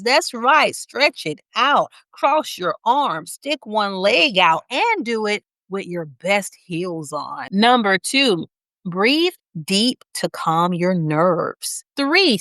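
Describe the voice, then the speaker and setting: A woman with a Southern US accent teaching a motivational business lesson, speaking slowly with deliberate pauses and a smiling, energetic delivery. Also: medium pitch, dry recording, clean studio sound. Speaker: business coach for nurses.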